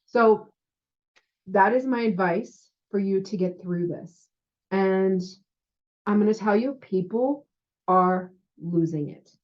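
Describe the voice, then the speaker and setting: A chatty woman speaks as a spiritual healer in a loose, conversational monologue, tossing in "you know" and "right?" as she goes. Her voice sits at a middle pitch. The audio is a bit dull and lo-fi. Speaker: spiritual healer and intuitive guide. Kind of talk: casual spiritual monologue to viewers.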